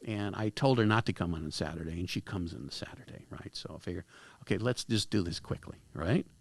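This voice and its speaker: A man, a screenwriter guest, telling anecdotes in a casual, animated way in a studio. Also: deep voice, fast, gravelly. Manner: animated, acts out dialogue with lively shifts. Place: podcast studio.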